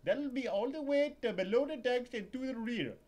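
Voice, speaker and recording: A man voicing a grumbling, fussy male cruise ship purser with a high, strained voice. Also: lively intonation, normal speed, darkish tone. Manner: complaining, chatty, fussy.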